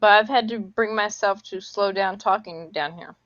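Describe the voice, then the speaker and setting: A woman with a New Jersey accent chatting on a group call, talking fast and telling stories. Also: mid-range voice, fairly bright tone, no room sound, dull audio. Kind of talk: casual group chat.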